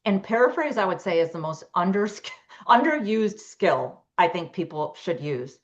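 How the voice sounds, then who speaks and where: A middle-aged couples therapist gives advice in a podcast interview, acting out sample dialogues to explain her points. Her voice is on the low side with lively intonation and a normal speed, and the audio is dull.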